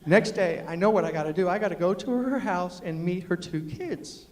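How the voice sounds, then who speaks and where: High-voiced man telling a story in a hall. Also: moderate pace, a little mellow. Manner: acts out quotes, punchy and emphatic. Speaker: storyteller and motivational speaker. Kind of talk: humorous storytelling speech. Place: university lecture hall. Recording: echoey hall, long reverb.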